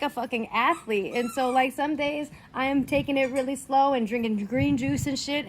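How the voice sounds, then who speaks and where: A young woman content creator in an animated, exasperated rant, emphatic and swearing often. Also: high voice, background noise.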